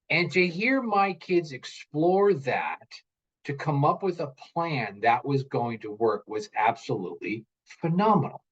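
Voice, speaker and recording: A man in his forties, a parent and interview guest, telling stories in an earnest, animated way and often repeating his words. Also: fairly high pitch, measured pace, slightly rough, dull audio. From United States. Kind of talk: casual interview chat.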